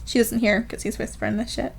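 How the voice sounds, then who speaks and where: A woman's voice: fairly high pitch, fast talker, vocal fry, slight background noise. A woman co-hosting a podcast, recapping a novel in casual chat and laughing often as she retells each scene. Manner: animated retelling, reading quotes aloud with laughter. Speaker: podcast co-host.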